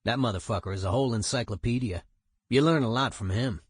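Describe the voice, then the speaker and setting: A man's voice: mid-range voice, fast talker, breathy edge, dry recording, studio quality, lightly acted. A man voicing a streetwise male punk musician, telling a story in a profane, emphatic way. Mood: animated.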